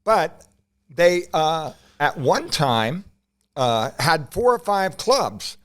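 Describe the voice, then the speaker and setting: Male co-host, somewhat high voice, hesitant rambling delivery, casual chat. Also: sing-song, fairly bright tone. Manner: halting, rambling recollection.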